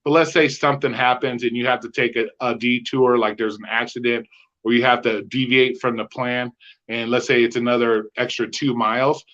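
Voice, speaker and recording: A man's voice: mid-range voice, steady tone, moderate pace, fairly bright tone, highs cut off. Blunt, profane man telling stories. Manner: profane storyteller who acts out both sides of quoted arguments. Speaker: podcast co-host. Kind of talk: casual chat.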